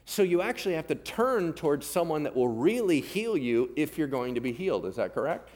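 Speaking briskly in a rather high voice, a male pastor delivers a sermon as lively, informal storytelling. He plays biblical figures as if they were ordinary modern people and keeps inviting the congregation's agreement.

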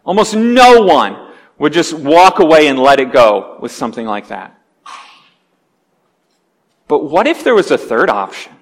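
A man's voice: mid-range voice, normal speed, long pauses. A man preaching a sermon, telling a vivid story and acting out its scenes with growing intensity. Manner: animated storyteller, acts out scenes with rising intensity. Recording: long hall reverb.

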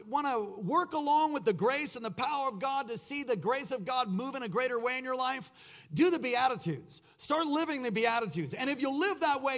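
Preaching in a very high, somewhat bright voice, a man tells a meandering story in his sermon, stumbling through fillers and restarts. It builds into a rousing exhortation of his congregation as their pastor.

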